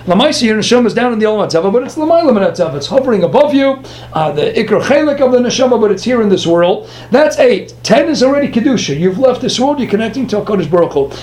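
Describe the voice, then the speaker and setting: A man teaching a Talmud lesson, firing off rhetorical questions and answering them himself. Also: very high voice. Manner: animated, rhetorical questions, quick asides. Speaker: Torah teacher. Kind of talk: Talmud lecture.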